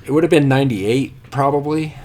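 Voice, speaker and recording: A man's voice: mid-range voice, moderate pace, a crowd in the background. A man telling rambling, profane stories about himself as a podcast guest. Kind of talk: casual podcast storytelling.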